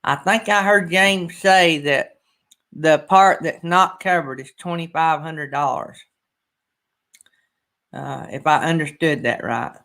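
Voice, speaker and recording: Middle-aged man, host of a folksy morning live chat, rambling and emotional, bright lifted voice. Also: fairly high pitch, slow. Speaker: channel host. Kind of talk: casual livestream chat.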